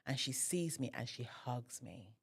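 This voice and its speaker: In an extremely low, slightly rough voice, a woman unhurriedly tells a personal story as a podcast guest. She acts out the quoted exchanges with animation.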